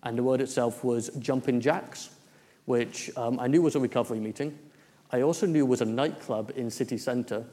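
A man's voice: mid-range voice, moderate pace, mellow. Man preaching in a hall. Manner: storytelling, with many restarts and fillers. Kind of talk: sermon testimony.

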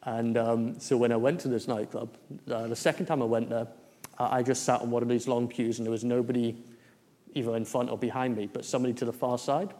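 A man's voice: medium pitch, little pitch movement, fairly quick, mellow. A man, preaching a testimony story in a church hall with many fillers and restarts. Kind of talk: sermon testimony.

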